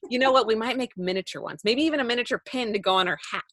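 A woman's voice: on the high side, very fast, a bit bright, a little hiss or hum. A woman co-hosting a podcast, chatting casually, rambling through stories and laughing often. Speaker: podcast co-host. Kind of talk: casual chat.

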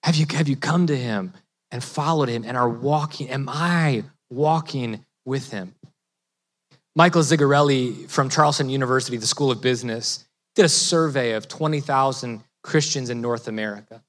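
A man's voice: medium pitch, normal speed, big-room sound. A man preaching a sermon as pastor, conversational with emphatic rising peaks and frequent restarts.

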